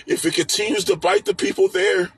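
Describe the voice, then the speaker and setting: Live-stream teacher, male, husky, pitched a little high, preachy and repetitive. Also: steady tone, a little fast. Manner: emphatic, repetitive, preaching with rhetorical questions. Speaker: host and teacher. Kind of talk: explaining a spiritual text on a live stream. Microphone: phone or webcam on a live stream.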